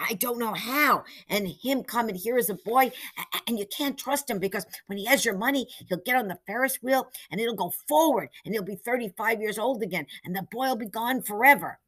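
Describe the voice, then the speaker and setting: A woman's voice: medium pitch, animated, fairly quick, fairly bright tone, slightly rough, voice pushed up. A woman voicing an earnest, determined young boy who explains things urgently.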